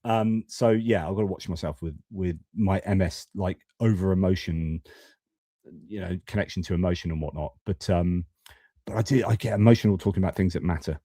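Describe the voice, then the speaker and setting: Man, forties, live-stream commentator, deep mellow voice, plain-spoken and casual, dry sound. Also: a little fast, no room sound. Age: 40s. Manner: blunt, conversational, casual swearing, many restarts and fillers. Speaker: host of a geopolitics live stream.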